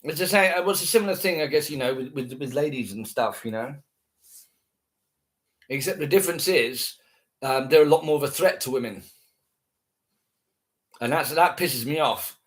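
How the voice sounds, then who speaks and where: A man's voice: a little high, normal speed, long pauses. A man ranting casually to camera, scornful and heavily profane, repeating himself.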